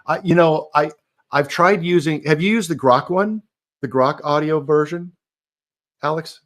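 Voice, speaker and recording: A man's voice: a little high, a little slow, a bit bright. A man co-hosting a business podcast, eager, explaining step by step with frequent restarts. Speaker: co-host. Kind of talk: casual podcast chat.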